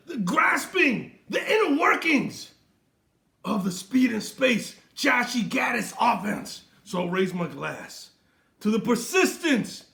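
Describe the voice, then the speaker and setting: A man doing a theatrical, comedic football recap monologue as a fan host, often bursting into shouts. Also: very high-pitched, vocal fry.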